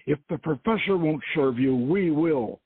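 Male reader as a sneering terrorist boss, barked orders, husky, dry lo-fi radio. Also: on the high side, measured pace, voice pushed up. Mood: menacing. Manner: commanding, taunting. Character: menacing male terrorist leader, mocking. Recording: dry phone-like radio sound.

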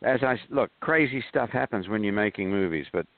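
A man's voice: lowish voice, expressive, a little fast, no room sound. A man who is a film director, guest on a show, telling rambling, hesitant anecdotes full of ums and chuckles. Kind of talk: anecdotal storytelling in an interview. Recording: tinny phone-line sound.

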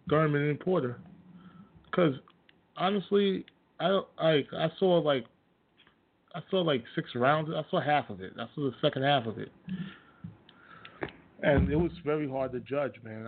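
A man hosting his own radio show, ranting casually and bluntly about sports with plenty of profanity and scornful laughs. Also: medium pitch. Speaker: host. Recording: tinny phone-like audio.

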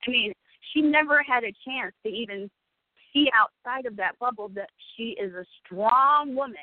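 A woman's voice: a little high, normal speed, no room sound. A woman in her forties, a radio guest, speaking candidly and emotionally and swearing freely. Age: 40s. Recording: tinny phone-like dry sound.

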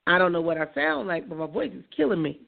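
A woman hosts a casual talk show with a hoarse, gravelly voice. She is chatty and laughs easily. Her voice comes through a thin, phone-like sound. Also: lowish voice, sing-song, fast. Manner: chatty, laughs easily, says things twice. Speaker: radio show host.

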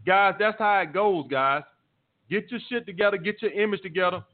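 A man's voice: high-pitched, moderate pace. Profane, blunt man on a tinny line. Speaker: dating advice host. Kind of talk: live call-in show, answering listener messages.

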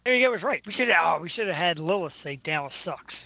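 A man hosting a talk show, chatting and ranting about sports in an excitable, joking way. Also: a little high, fast, vocal fry. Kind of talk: casual sports rant and chat. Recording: tinny phone-like line with faint noise.

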